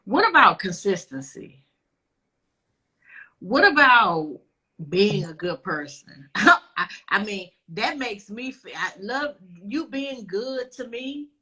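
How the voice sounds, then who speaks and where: A woman's voice: mid-range voice, sing-song, slow pace, bright, forceful tone, slightly rough. A woman hosting a casual interview, playful and direct with her guest. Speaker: interview host. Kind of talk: casual conversation.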